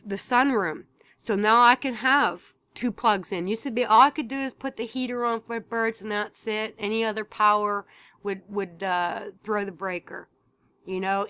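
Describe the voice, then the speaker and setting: A woman's voice: mid-range voice, a bit bright, no room sound, clean studio sound. A woman talking casually to camera at home, telling a story bluntly, swearing freely and repeating herself when she gets worked up. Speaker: vlogger.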